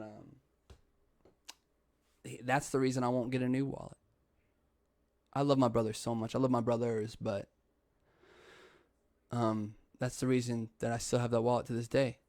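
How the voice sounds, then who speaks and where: A young man chats through a story on his own podcast, laughing between lines and swearing freely. His voice sits at an ordinary middle pitch, recorded close and dry with no room sound. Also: dry recording. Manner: laughs often, swears, says dude and like. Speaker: podcast host. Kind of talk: casual storytelling.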